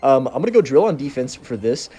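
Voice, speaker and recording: A young man giving live gameplay commentary for his video channel, excitable and reacting loudly to each play. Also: medium pitch, fast, husky. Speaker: gaming video creator.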